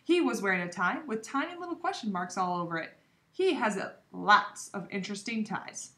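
Lively woman reading a storybook aloud. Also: medium pitch, normal speed, roomy sound. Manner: lively expressive storytelling, voicing the hamster narrator. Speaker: reader. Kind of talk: reading a children's chapter book aloud.

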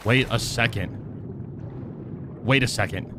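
A man giving casual, chatty gameplay commentary, excitable and self-mocking, breaking into yelps when things go wrong. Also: medium pitch, slow pace, background noise. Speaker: gaming video creator.

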